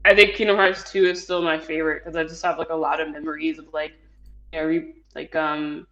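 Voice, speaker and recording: A man's voice: a little high, flat delivery, fairly quick, pushed and bright, dull audio. A man chatting casually as a podcast co-host, rambling with many fillers and frequent laughs. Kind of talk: casual chat.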